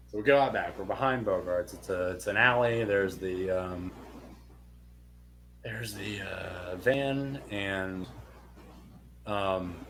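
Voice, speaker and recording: A young man co-hosting a podcast, telling a long story in casual chat, animated and swearing freely. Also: low-pitched, a little hiss or hum. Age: young adult. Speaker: podcast co-host.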